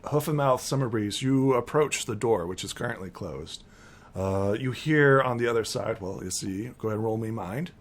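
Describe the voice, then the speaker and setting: A man's voice: fairly low pitch, moderate pace. A man narrating a tabletop role-playing game as game master, rambling with many fillers.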